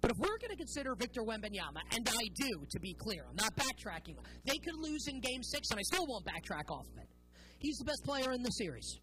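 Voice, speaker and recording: Bright, opinionated woman sports host. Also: on the high side, breathy edge, rough recording. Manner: opinionated, sarcastic, emphatic. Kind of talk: sports talk monologue.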